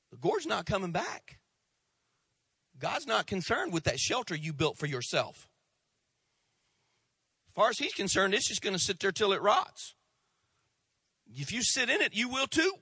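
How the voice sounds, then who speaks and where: A man preaching a sermon as pastor, swinging between loud rising outbursts and hushed drops. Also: extremely high pitch, husky, no room sound.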